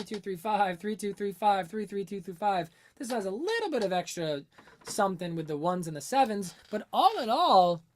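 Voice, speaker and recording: A woman's voice: medium pitch, darkish tone. A woman hosting a casual music-analysis livestream, explaining songs in a chatty way and answering questions from the chat with plenty of fillers. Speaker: music teacher and livestream host.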